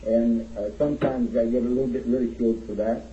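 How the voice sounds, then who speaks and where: A man with a Texan accent speaks to a crowd with a jokey, teasing warmth. His voice is very dark and mellow. The recording is dull and echoes around a big hall. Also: medium pitch, steady tone, fast. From Texas, USA. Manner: jokey, playful, teasing the audience. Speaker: keynote speaker, chaplain. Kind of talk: humorous public speech. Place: large hall with an audience.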